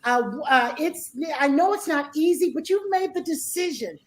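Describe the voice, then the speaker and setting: A woman hosting a radio talk show, lively and encouraging toward her guest. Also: high-pitched, moderate pace.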